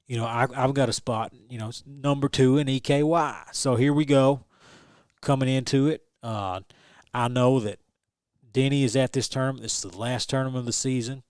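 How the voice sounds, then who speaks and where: A young adult man, a guest telling a story in an animated, restarting way. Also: mid-range voice, moderate pace, smooth, no echo, clean studio sound. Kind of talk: casual storytelling interview.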